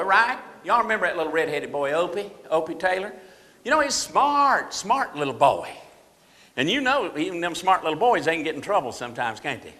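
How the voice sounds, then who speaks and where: A man's voice: high-pitched, sharp tone, heavily acted. A man impersonating a jittery, boastful small-town deputy, telling folksy yarns for laughs in a Southern drawl. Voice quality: folksy drawl, tells yarns and quotes others. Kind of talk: comedic stage monologue. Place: banquet hall. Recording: echoey hall.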